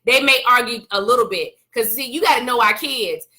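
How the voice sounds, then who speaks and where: A woman co-hosting a couples talk show, chatting casually in a lively storytelling way, repeating words as she goes. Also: a little high, fairly quick. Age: adult parent. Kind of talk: casual chat.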